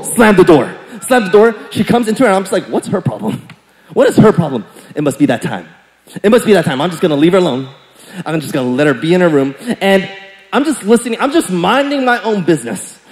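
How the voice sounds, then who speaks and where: A high-pitched young male pastor preaches in a church sanctuary, and his voice rings through a long hall reverb. He tells stories playfully and acts out quotes with sudden swings from loud to hushed. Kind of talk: sermon with storytelling.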